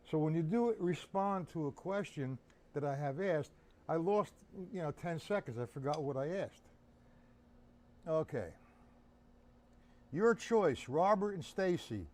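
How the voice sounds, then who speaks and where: A tired man giving a live-streamed drum lesson, chatting loosely and greeting viewers by name. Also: high voice. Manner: relaxed, chatty, talks to chat viewers by name. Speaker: drum teacher.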